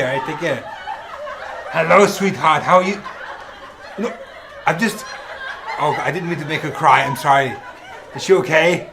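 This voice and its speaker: Brief: man, slightly high voice, playful laughing prankster greeting fans, noisy background. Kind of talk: joking chat with strangers.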